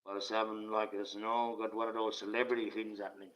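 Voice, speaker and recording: A livestream host rants casually, profane and sarcastic, swinging from loud outbursts to mutters. His voice is lowish and level, and he talks fast. The audio is dull and lo-fi.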